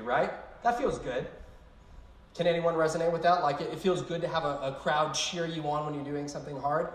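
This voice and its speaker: A young man giving a youth sermon as pastor, casual and conversational, telling stories with animated asides. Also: on the high side, reverberant, rough recording.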